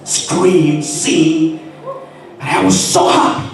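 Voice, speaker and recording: Brief: male minister, higher-pitched, fervent sermon, shouts praise, distant mic, roomy church with music. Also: very animated, very slow, gravelly, slight background noise. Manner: impassioned, building to shouted praise. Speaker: minister preaching. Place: church sanctuary. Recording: echoey church from far off with music.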